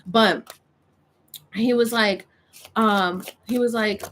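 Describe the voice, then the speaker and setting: A woman's voice: a little high, steady tone, slow, a bit bright, a little hiss or hum. A woman on social media telling a story in a casual vlog, rambling with lots of filler words and reading oracle cards aloud. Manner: rambling, filler-heavy retelling.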